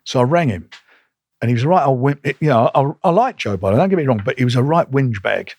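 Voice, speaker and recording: A man's voice: mid-range voice, fast, no echo. An older man, a boxing promoter telling blunt stories in a casual interview and acting out old conversations. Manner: blunt, animated, re-enacts conversations in quotes.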